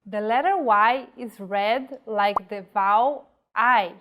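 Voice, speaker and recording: A woman teaching a scripted pronunciation lesson, reading example words slowly and carefully. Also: mid-range voice, a bit bright. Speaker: language teacher.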